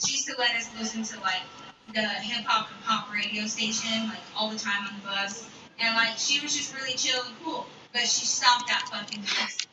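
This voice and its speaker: A young woman with a fairly high voice tells a storytime story, swearing freely and leaning hard on her words. She sits back from the mic in a roomy space. A video plays clearly in the background. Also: steady tone, normal speed, far from the mic, noisy background. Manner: profane, emphatic storytelling. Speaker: streamer telling a story. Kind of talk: casual storytime. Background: YouTube video playing in the background.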